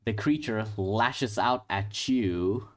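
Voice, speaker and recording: A man's voice: lowish voice, slow pace. A man running a tabletop sci-fi horror game as game master, narrating action and explaining rules with frequent restarts. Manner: steady, explains rules, restarts mid-phrase.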